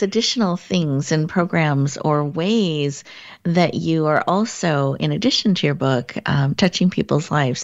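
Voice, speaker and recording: A woman hosts an interview show with a low voice. She sums up her guest's story and affirms it, laughing often. The audio is dry and a little dull. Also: no room sound. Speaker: podcast host. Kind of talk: warm interview chat.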